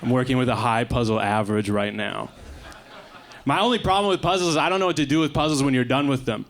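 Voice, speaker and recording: A young Canadian man performing a stand-up set in a comedy club, with quick deadpan asides. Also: mid-range voice. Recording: live club recording with faint crowd noise. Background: faint audience laughter.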